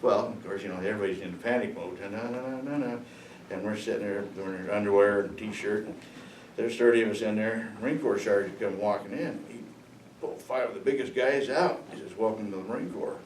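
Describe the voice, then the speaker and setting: Older male veteran in his sixties, lowish voice, rambling chuckling storyteller, roomy echo, mic far off. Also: steady tone, darkish tone. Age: 60s. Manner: rambling, chuckling, halting with fillers. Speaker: veteran speaker. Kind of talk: storytelling to students. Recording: echoey room, distant mic, faint noise.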